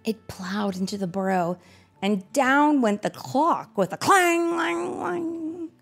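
A woman's voice: high voice, expressive, takes it slowly, creaky, slightly rough, faint music behind. A woman reading a picture book aloud, expressively and with chatty asides to her listeners. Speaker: storyteller.

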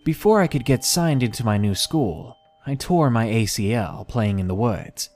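In steady, measured tones, a mid-range male voice narrates scripted horror, reading aloud first-person scary stories that were sent in.

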